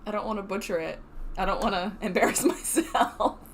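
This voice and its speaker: A woman's voice: mid-range voice, brisk, slight background noise. A woman co-hosting a stream, chatting casually in a playful, giggly way. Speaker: stream co-host.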